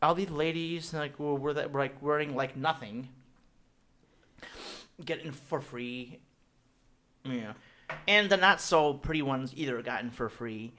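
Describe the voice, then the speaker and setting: A man's voice: on the high side, measured pace, pauses often. A young man, a podcast guest, telling jokey stories in casual chat. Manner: animated, jokey, puts on voices in anecdotes. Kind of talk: casual comedic storytelling.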